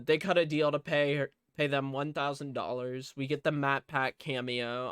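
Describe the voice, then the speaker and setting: A man talks through a movie's plot at an unhurried pace, in a voice that is clear and smooth. He rambles, swears freely and leans on fillers as he recaps. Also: mid-range voice, a bit bright, no echo, clean studio sound. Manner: rambling, profane, filler-heavy. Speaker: movie reviewer.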